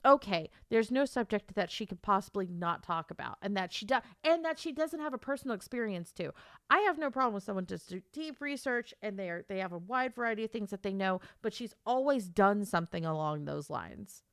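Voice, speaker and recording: A young American woman streamer telling a gossipy story in casual chat, animated and full of exaggerated quoted asides. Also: medium pitch, brisk, no echo, clean studio sound.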